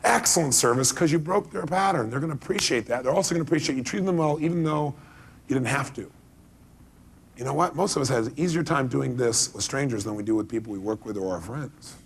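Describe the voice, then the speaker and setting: A man giving a motivational seminar talk, animated, acting out quoted dialogue and asking the audience questions. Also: mid-range voice, fast talker, creaky, slightly rough. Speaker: motivational speaker.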